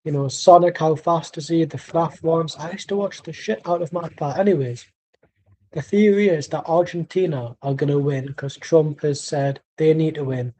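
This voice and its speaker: Sweary, ranting man with a mellow voice. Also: on the high side, normal speed, slight background noise, poor audio. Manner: angry, sweary, sarcastic. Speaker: football watchalong streamer. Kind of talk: live match commentary and rant.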